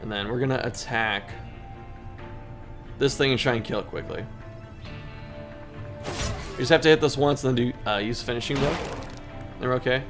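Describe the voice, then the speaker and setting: A man's voice: medium pitch, normal speed, long pauses, music in the background. A man hosting a gaming video, reading in-game story text aloud and commenting on his turns, poking fun at his own mistakes. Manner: self-deprecating, laughs at own mistakes.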